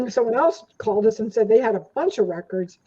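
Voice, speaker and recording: A woman's voice: on the high side, lively intonation, brisk, warm tone, slightly rough. An older woman, a guest in an interview, telling rambling stories with lots of fillers. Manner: rambling anecdotes with many fillers. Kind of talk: casual storytelling interview. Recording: dull lo-fi audio.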